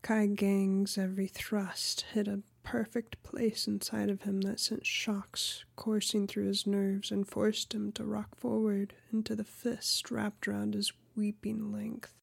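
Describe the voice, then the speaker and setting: A woman reading erotic fiction aloud in a soft, often half-whispered voice. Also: medium pitch, flat delivery, measured pace, gravelly, few pauses, breathy edge, no echo. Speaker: audiobook narrator. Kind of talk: erotic audiobook narration.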